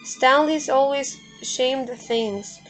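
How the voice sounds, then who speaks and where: A woman voicing a calm, easygoing young married woman, reading her lines slowly from a play script. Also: sits high, soft background music, low-quality recording.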